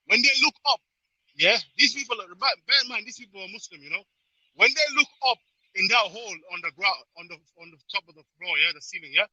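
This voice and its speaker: Bright, high-voiced man, emphatic. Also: breathy edge, no room sound, low-quality recording. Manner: animated, emphatic storyteller. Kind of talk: casual chat.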